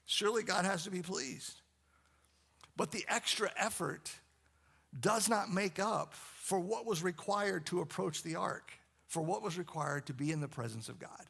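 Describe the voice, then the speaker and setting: A man's voice: high voice, moderate pace, gravelly, a bit bright, breathy edge. A man preaching a sermon, repeating phrases and building emphasis as he goes. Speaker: pastor.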